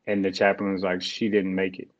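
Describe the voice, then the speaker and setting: A young man, a guest, telling an emotional personal story in a halting, reflective way with restarts. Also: sits low, completely flat delivery. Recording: dull lo-fi sound.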